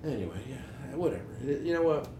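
A man hosting a podcast, swearing freely through lively, animated stories about his tool business. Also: mid-range voice, fast. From New Jersey. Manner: profane, animated storytelling. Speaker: podcast host, tool dealer. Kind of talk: casual podcast chat. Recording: roomy echo, faint background hiss.

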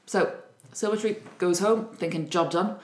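A woman's voice: fairly low pitch, moderate pace, slight background noise. A woman casually retelling a folk tale, acting out the characters' voices. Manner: lively, acts out voices. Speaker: storyteller. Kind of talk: casual storytelling chat. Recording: echoey room.

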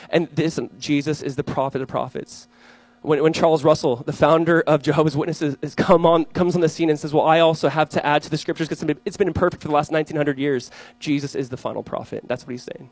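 A young pastor preaches rapidly, his voice pitched a bit high, and acts out the voices in his anecdotes as he tells them with animation. It is recorded close and dry, with no room sound at all, and the audio is poor.

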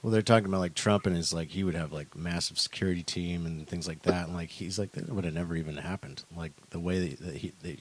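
A man's voice: low-pitched, fairly even intonation, fast talker, few pauses. A man co-hosting a podcast, chatting casually about politics, hesitant and profane, full of fillers. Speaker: podcast co-host.

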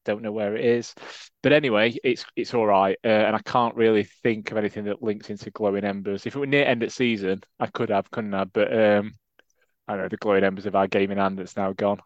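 A man's voice: lowish voice, steady tone, fairly quick, no room sound. A man co-hosting a football podcast, chatting casually with rambling, stammering restarts. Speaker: podcast co-host. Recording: dull, lo-fi dry sound.

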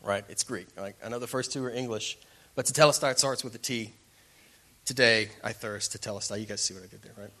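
A man preaching a sermon to a church congregation in a dramatic way, moving from quiet passages to loud ones. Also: on the low side, steady tone, fairly quick. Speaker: pastor.

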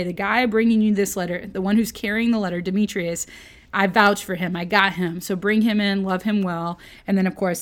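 A woman giving a casual, chatty Bible lesson, playful and full of jokey asides. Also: mid-range voice. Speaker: Bible teacher.

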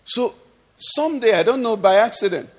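In a church hall with long, echoing reverb, a middle-aged pastor delivers a sermon full of everyday stories and call-and-response with his congregation. He speaks at a normal speed in an animated, high-pitched voice.

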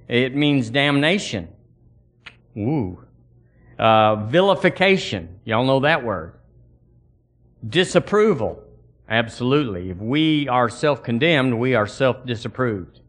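A man's voice: mid-range voice, fairly bright tone. A man preaching a sermon in a folksy, emphatic way, speaking straight to his congregation and asking them to repeat after him.

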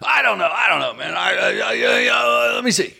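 A man's voice: high voice, sing-song, a little fast, creaky, bright, forceful tone, breathy edge, voice pushed up, exaggerated voice. A man mimicking a flustered, stammering comedian pal. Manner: agitated, stammering, raised voice. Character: flustered male comedian friend, protesting. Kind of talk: anecdote impression on a podcast.

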